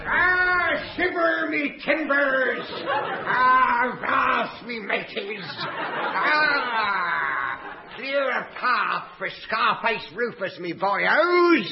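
An actor playing a swaggering pirate with a hook in a radio comedy sketch, roaring and blustering. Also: male voice, very high voice, expressive, extremely slow, gravelly, full character voice. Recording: dull old radio recording with noise.

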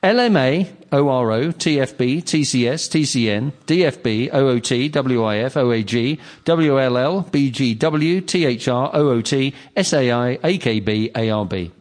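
A man's voice: medium pitch, expressive, moderate pace, hardly any pauses. A man hosting a comedy panel quiz, posing questions in a playful, teasing manner before a live audience. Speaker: quiz host.

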